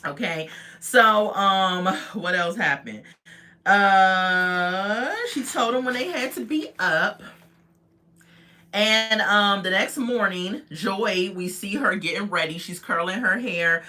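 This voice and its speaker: A woman casually recapping a reality TV episode, chatty and animated, talking straight to her viewers. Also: medium pitch, takes it slowly.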